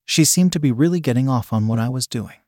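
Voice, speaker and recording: A man's voice: medium pitch, lively intonation, quick pace, warm tone, no room sound, studio quality. Man narrating a first-person story.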